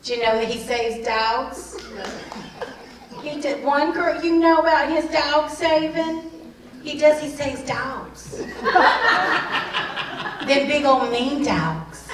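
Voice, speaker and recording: An actress playing a gushing, folksy conservative pastor's wife in a live improv bit. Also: female voice, sits high, takes it slowly, long pauses, crowd noise. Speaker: improv performer. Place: theater stage before an audience. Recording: roomy hall, distant mic, noise.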